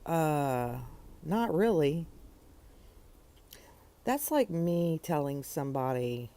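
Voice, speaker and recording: Woman, gravelly, sarcastic opinion monologue, exasperated. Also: sits low, expressive, slow pace, long pauses, dark tone. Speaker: podcaster.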